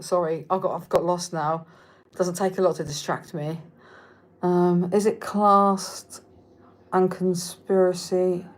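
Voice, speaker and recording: Casual southern english woman on a livestream, a bit low-voiced, chatty and sweary, answers viewer comments. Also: darkish tone. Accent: Reading, southern English. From England. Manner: chatty, frank and swearing, loses her thread. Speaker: livestream host.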